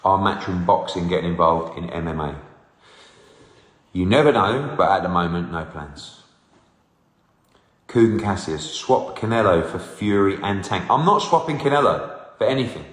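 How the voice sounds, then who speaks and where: Man, 40s, low voice, bantering live Q&A, echoey room with long reverb. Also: lively intonation, a little slow, pauses often. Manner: bantering, teasing, reads out comments. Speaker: host answering fan questions. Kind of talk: live casual Q&A.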